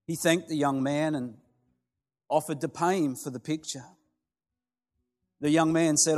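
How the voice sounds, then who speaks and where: A man's voice: fairly high pitch, steady tone. Male preacher telling a story in a hall. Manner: slow, dramatic storytelling with restarts. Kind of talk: sermon storytelling. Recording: long hall reverb with soft music.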